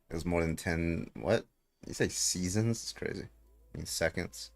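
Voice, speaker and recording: A man's voice: low voice, normal speed, vocal fry. A man hosting a livestream debate show, talking in a brash, hyped and profane way, greeting viewers and questioning guests. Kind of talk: casual livestream chat and debate.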